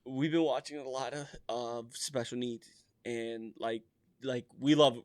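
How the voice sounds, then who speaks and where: A man in his thirties co-hosting a casual podcast, telling animated stories, often laughing and acting out voices. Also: medium pitch, unhurried, clear, resonant tone, no room sound, studio quality. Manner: animated storyteller, laughs a lot, acts out voices. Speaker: podcast co-host. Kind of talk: casual chat.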